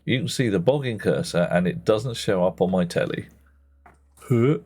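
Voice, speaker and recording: A man's voice: sits low, fairly quick, a little mellow. A man giving chatty, self-mocking commentary while playing a game on a live stream, muttering asides to himself.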